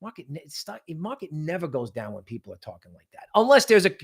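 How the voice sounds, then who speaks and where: High pitched guy hosting a crypto livestream, loose rambly chat, keeps saying right?. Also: big pitch swings, a little fast, gravelly, husky. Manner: rambling, conversational, often adds "right?"; mocks panicky traders in exaggerated voices. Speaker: crypto market show host. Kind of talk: livestream market analysis.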